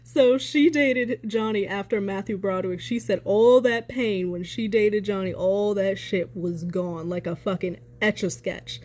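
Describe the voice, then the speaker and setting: A woman's voice: medium pitch, unhurried, hardly any pauses, a little mellow. A woman talking on her own channel in casual reaction commentary, heated and sarcastic, swearing hard for emphasis. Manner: sarcastic asides. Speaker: commentary vlogger.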